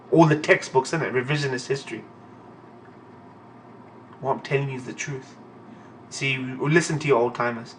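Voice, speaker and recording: A young man reading a manga aloud and reacting in a casual, profane, excitable way. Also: mid-range voice, normal speed, long pauses, far from the mic, slight background noise.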